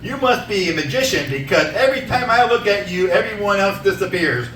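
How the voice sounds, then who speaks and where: A man performing a stand-up comedy set in a small theater, telling stories loudly and laughing at his own jokes. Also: sits high, a little fast, a little hiss or hum. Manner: loud, animated storytelling, laughing at own jokes. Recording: echoey room, mic from a distance.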